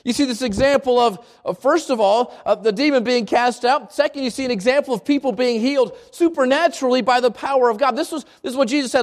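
A man's voice: extremely high pitch, fast, few pauses. A man preaching a sermon in an earnest way, often repeating and restarting his phrases. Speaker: pastor.

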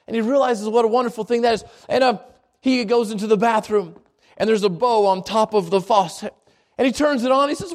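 Male preacher, very high voice, lively storyteller who restarts his phrases often. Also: brisk. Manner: animated storytelling with repeated restarts. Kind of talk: sermon.

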